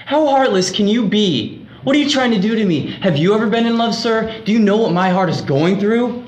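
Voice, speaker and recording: A man's voice: high-pitched, animated, a little fast, darkish tone, echoey room. A man playing a lovesick pleading passenger. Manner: melodramatic, pleading. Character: lovesick young man pleading at airline gate. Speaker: student actor.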